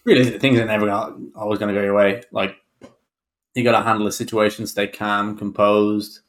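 A man's voice: fairly low pitch, flat delivery, a little fast. A man co-hosting a podcast in casual chat, blunt and wry, with some swearing. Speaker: podcast co-host.

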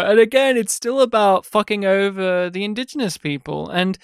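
A man co-hosting a podcast, casually reviewing a film with animated, sweary retellings of scenes. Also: sits high, moderate pace, gravelly, hardly any pauses, smooth, no room sound, clean studio sound. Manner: animated, sweary, acts out scenes in quoted voices. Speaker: podcast co-host.

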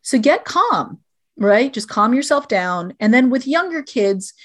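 A woman's voice: on the high side, big pitch swings, unhurried. A middle-aged woman, a guest on a podcast, gives parenting advice in an earnest, direct, explanatory way.

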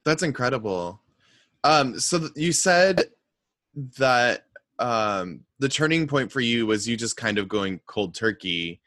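A man's voice: mid-range voice, lively intonation, a bit bright, no echo, clean studio sound. A man hosting a podcast who asks questions in an easygoing way and laughs along with his guest. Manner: laid-back, unhurried, laughs along. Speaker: podcast host. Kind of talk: interviewer.

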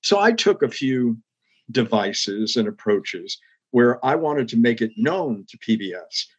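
An older man recounting his career in an interview, his voice a little husky at mid pitch. He speaks earnestly and reflectively, lifting into emphatic rises. The recording sounds slightly muffled and lo-fi. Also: big pitch swings, a little slow. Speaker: interview guest, former public TV executive. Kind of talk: storytelling interview.

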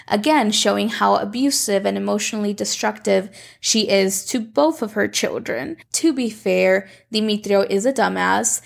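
A woman's voice: mid-range voice, moderate pace, creaky. A woman recapping a soap opera in a casual, chatty way, sarcastic and acting out the characters' lines. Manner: chatty, sarcastic, acts out quotes. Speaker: recap commentator.

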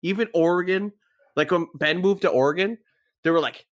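A man's voice: sits high, brisk. A man co-hosting a podcast, chatty and a little hesitant as he retells odd facts. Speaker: podcast co-host. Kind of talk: casual podcast storytelling.

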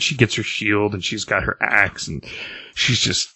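A man's voice: on the low side, normal speed, slightly rough, no room sound. A man on a comics podcast casually retelling a comic's plot and reading out its characters' lines. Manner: animated retelling, reads out character lines loosely. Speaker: podcast co-host recapping a comic. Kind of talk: casual chat, retelling a story.

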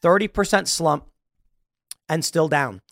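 A man's voice: a little high, slow pace, gravelly, no room sound, studio quality. A man hosting a political podcast, talking through a sarcastic, mocking commentary monologue. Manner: sarcastic, animated, mocking asides. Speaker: podcast host.

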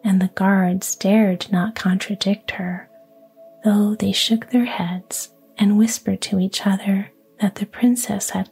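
Slow, breathy whispering woman storyteller. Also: mid-range voice. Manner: soft, even, unhurried whisper. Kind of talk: whispered fairy-tale reading.

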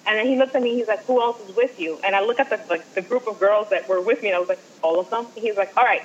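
A woman guest telling an excited fan story, acting out what people said, in casual chat. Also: medium pitch, very fast, highs cut off, a little hiss or hum.

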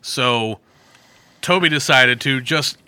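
A man's voice: medium pitch, takes it slowly, sharp tone, clear, resonant tone, no room sound. A man co-hosting a podcast, telling stories with crude language and fillers. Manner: crude, swears a lot, storytelling with fillers. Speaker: podcast co-host. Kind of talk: casual chat.

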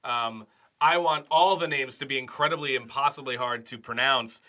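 Man, casual podcast chat, bright tone, filler-heavy, jokey. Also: mid-range voice, moderate pace. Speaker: podcast co-host.

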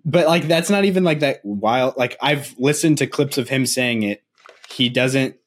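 A man's voice: medium pitch, normal speed. A man from Nebraska co-hosting a casual basketball podcast, rambling along and laughing easily. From Nebraska, USA. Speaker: podcast co-host.

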